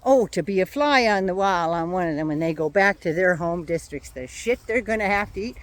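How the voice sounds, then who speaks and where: A woman's voice: lowish voice, animated, brisk, no echo. An older woman vlogging outdoors in her yard, talking to a phone or camera held at arm's length in a sarcastic, mocking casual rant.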